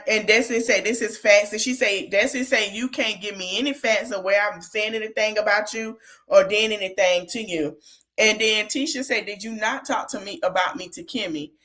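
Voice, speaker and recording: A woman's voice: medium pitch, normal speed. A woman hosting a casual podcast, retelling a reality show argument and talking back to the people in it. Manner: animated, retells quotes, talks back to the people on screen. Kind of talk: casual recap chat.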